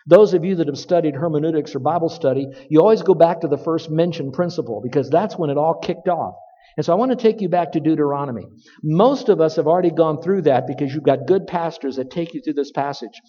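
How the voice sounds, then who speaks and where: Emphatic preacher in a reverberant hall. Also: male voice, a little high, mellow. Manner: emphatic, slows down to stress key words. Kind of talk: sermon. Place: room with stage lights and sound equipment. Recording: dull, lo-fi audio with long hall reverb.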